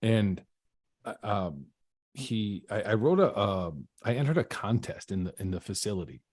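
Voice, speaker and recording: A man's voice: lowish voice, lively intonation, normal speed, a little mellow, dry recording, studio quality. A man, a podcast guest, telling his own story in an earnest, reflective way, often restarting his sentences. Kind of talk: casual storytelling.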